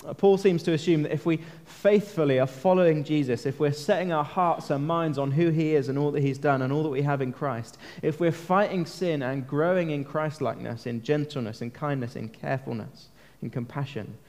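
A man's voice: fairly high pitch, a little fast, hardly any pauses, darkish tone. A man gives a sermon in a slightly raised voice. He speaks in an earnest, conversational way and puts questions to the congregation. Long reverb from a large church hall trails behind his words. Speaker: preacher.

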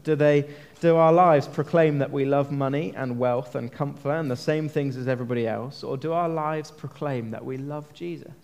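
A man's voice: mid-range voice, steady tone, normal speed, vocal fry, few pauses, darkish tone. A man preaching a sermon in a church, earnest and conversational, often asking his listeners questions. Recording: long reverb of a large hall.

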